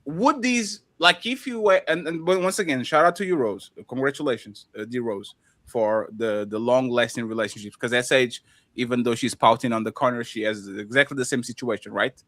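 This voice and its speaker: Bright teasing man on a panel. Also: mid-range voice, brisk, no room sound, studio quality. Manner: animated, teasing, acts out scenes. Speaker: podcast panelist. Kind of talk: casual panel debate.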